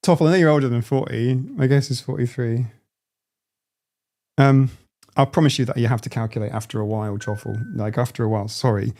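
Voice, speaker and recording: A man in his forties hosts a casual live stream, replying to viewer comments as he goes. His voice has a gravelly fry and sits at a middling pitch. He talks in halting bursts, often restarting a sentence. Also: steady tone, mellow. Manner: halting, frequent restarts and self-interruptions.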